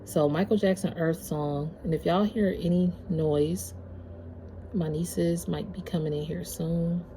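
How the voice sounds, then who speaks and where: A woman's voice: on the low side, fairly even intonation, unhurried, mellow, a little hiss or hum. A woman giving a casual spiritual tarot reading at home, chatty and slangy, talking straight to her viewers. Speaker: tarot reader.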